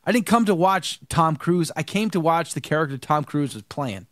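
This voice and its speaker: Male live-show host, lively and animated, dry close sound. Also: on the high side, moderate pace, no echo. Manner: animated, rambling, repeats words. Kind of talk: live-stream commentary and chat.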